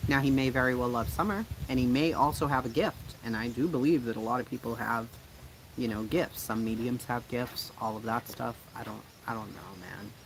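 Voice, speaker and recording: A man's voice: medium pitch, a little fast, background noise. Blunt, profane man livestreaming. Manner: blunt, profane, laughs often. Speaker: livestream host. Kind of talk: casual livestream chat, reading comments.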